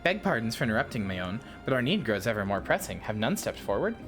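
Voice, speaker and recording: A woman voicing a stern, formal male elf commander from a fantasy game, reading his lines aloud with stumbles and self-corrections. Her read rises and falls in pitch as she goes. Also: sing-song, fast talker, over music. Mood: formal, earnest.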